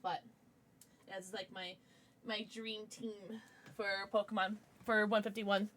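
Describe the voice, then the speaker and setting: A young woman livestreaming from home, chatting casually and gushing excitedly as she thanks viewers for gifts. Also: mid-range voice, slow pace, a little hiss or hum.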